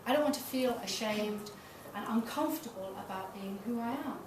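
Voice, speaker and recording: A woman's voice: on the high side, fairly quick. Middle-aged woman, frank and self-mocking speaker; roomy sound, heard from a distance. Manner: candid, self-deprecating storytelling with laughs. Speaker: tantra massage teacher. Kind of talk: public talk. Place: small event space. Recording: roomy, distant mic, noisy.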